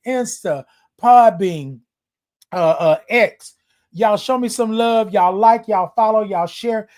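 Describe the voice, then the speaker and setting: Man, high voice, live morning stream host, affectionate, repetitive, preacherly cadence. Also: darkish tone. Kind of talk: casual livestream talk. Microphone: streaming live on social media.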